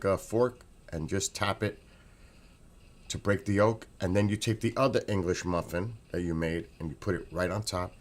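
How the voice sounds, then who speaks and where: A man vlogging at home, chatting casually and enthusiastically, rambling and repeating himself. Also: sits low. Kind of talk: casual chat.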